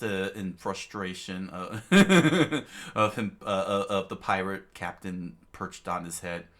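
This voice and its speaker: A man's voice: low-pitched, a bit bright. A man reading a comic aloud, rambling with fillers and giggling as he goes. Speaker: reader of a comic. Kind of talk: loose improvised comic reading.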